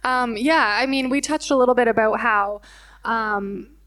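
High-pitched woman, worship leader sharing her testimony, earnest, full of ums. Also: measured pace, fairly bright tone, low-quality recording. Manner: earnest, emotional, many fillers. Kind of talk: personal testimony in church interview.

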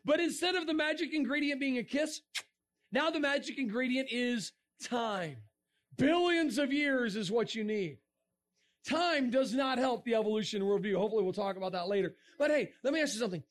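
A middle-aged man giving a lively creationist talk to a young audience, joking and asking the crowd questions. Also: extremely high pitch, normal speed. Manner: animated, asks the crowd questions, jokes. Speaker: creationist speaker.

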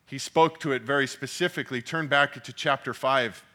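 Bright-voiced man preaching. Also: mid-range voice, normal speed. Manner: earnest, repeats words when building a point. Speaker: pastor. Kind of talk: sermon.

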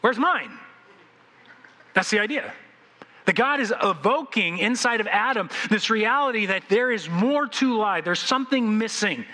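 A man preaching a sermon as pastor, animated and playful, acting out the scenes he describes. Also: high-pitched, moderate pace, in a large hall, poor audio. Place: church sanctuary.

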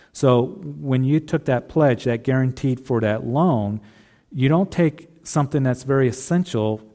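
A man's voice: mid-range voice, mellow. A man preaching a sermon, speaking earnestly and repeating phrases as he addresses the husbands in the congregation. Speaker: pastor.

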